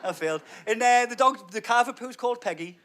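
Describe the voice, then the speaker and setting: A brash man in his thirties works a live crowd from the stage, his fairly high voice bright and cutting. He swears freely and swings between low, dry asides and loud, punchy outbursts. The sound is a stage microphone. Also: brisk. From North East England. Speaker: stand-up comedian. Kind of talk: stand-up comedy. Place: theatre stage before a live audience.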